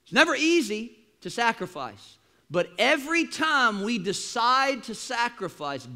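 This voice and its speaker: A man preaching a sermon in a church, animated, with sudden loud bursts and quieter asides. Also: very high-pitched, a little slow. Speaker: pastor. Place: church auditorium.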